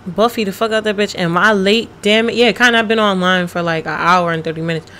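Bright-voiced, profane woman streamer. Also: mid-range voice, quick pace, few pauses, a little hiss or hum. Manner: profane, blunt, reacts loudly to the game; reads chat messages aloud and answers them. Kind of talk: casual gaming livestream chat.

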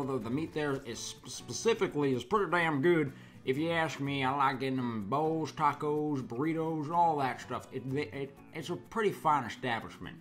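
A man telling a comic story in a deadpan, mock-folksy way, rambling and restarting often. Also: on the high side. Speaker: comedic storyteller.

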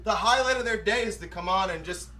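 A man's voice: high-pitched, fast talker, pushed and bright. A tipsy man co-hosting a podcast, trading crude jokes and laughing often in rowdy banter. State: tipsy from drinking beer. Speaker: podcast co-host.

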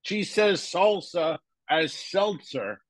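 A man co-hosting a comedy podcast, telling an anecdote in an animated, halting way with many pauses. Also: high voice, no echo. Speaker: podcast co-host. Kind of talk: casual comedic storytelling.

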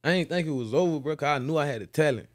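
Man, casual storytelling, profane, animated, dry close mic. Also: racing, no room sound. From Florida. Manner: profane, animated storytelling, repeats "boom" as a beat. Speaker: guest, former football player.

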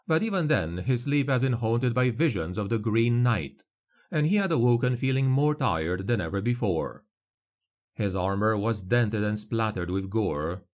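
A man narrating a dark fantasy audiobook in a grave, measured way. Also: fairly low pitch.

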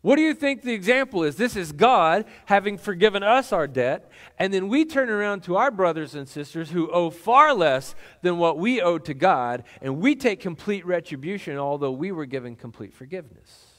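A man's voice: high-pitched, lively intonation, moderate pace, a bit bright. A middle-aged male pastor preaching a sermon in a conversational, folksy way, with lots of fillers and restarts.

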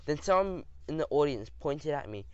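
A man reading a first-person audiobook aloud in a lively, expressive way. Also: fairly high pitch, moderate pace, smooth, no room sound, lo-fi sound. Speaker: audiobook narrator.

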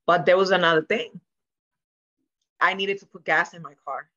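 A woman's voice: lowish voice, fairly even intonation, moderate pace, fairly bright tone, lo-fi sound. A woman, a guest on a sit-down podcast, telling her personal story in an earnest, emotional way and acting out what people said. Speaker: interview guest. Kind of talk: candid sit-down podcast conversation.

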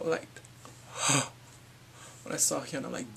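An excitable man recapping a concert in a casual fan vlog. His voice leaps all over the place, dropping to hushed whispers and then jumping to shrieks. A faint hiss of noise sits behind him. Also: on the high side, moderate pace, gravelly, pauses often. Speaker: fan vlogger.

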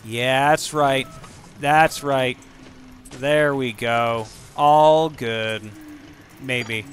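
A man giving casual let's-play commentary over a video game, excitable and profane, breaking into silly rhymes and sound effects. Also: mid-range voice, drawn-out words, slight background noise. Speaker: gaming channel host.

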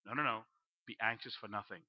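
A man preaching a storytelling sermon in church, acting out his own panic and dropping to a low hush for the voice of God. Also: fairly even intonation, brisk. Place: church sanctuary. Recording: dull lo-fi live stream.

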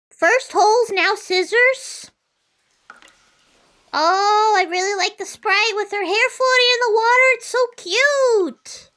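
A woman's voice: very high-pitched, pushed and bright. A young adult woman streaming a horror game, joking and chattering chaotically at the screen in self-mocking live commentary.

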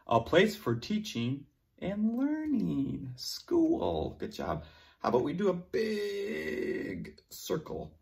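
A man's voice: high voice, vocal fry, darkish tone. A male teacher leading a vocabulary lesson for young children, encouraging them and praising them often.

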